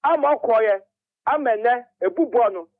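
A man's voice: extremely high pitch, expressive, normal speed, dry recording. A man calling a radio show, urging voters to back a candidate and reeling off names. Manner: campaigning, appealing to voters, listing names. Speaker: caller. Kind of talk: political phone-in call. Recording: tinny phone line.

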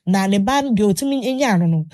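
A woman host telling a long story in casual chat, animated, with many fillers and restarts. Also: medium pitch, fast.

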